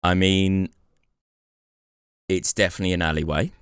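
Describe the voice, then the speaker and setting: A man's voice: low-pitched, fairly even intonation, normal speed, a bit bright, clean tone, no echo, clean studio sound. A man co-hosting a podcast, chatting in a wry, jokey way and explaining the show's rules. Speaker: podcast co-host. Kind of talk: casual comedic chat.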